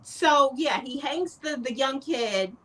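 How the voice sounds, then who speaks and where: A woman co-hosting a casual chat podcast, recapping in a relaxed way with fillers and quoted lines. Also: sits high, takes it slowly, far from the mic. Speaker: podcast co-host.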